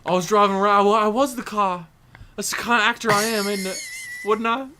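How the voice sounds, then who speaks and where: A man's voice: sits high, steady tone, a little fast, bright, forceful tone, pitched above the performer's own voice. A man putting on a mock Cockney English accent as an aging film star who keeps ending lines with "isn't it?". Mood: smug.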